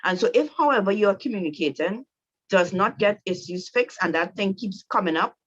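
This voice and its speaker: A woman's voice: mid-range voice, animated, moderate pace, a bit bright, husky, no echo, lo-fi sound. Direct, coaching woman speaker. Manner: direct, repetitive, coaching with rhetorical "right?". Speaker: marriage teacher. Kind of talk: instructive talk to women.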